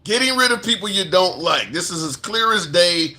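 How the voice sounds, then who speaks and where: Indignant man with a bright high voice. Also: lively intonation, moderate pace. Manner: indignant, emphatic, repeats phrases for stress. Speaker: political commentary streamer. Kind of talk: live-stream commentary with viewer comments.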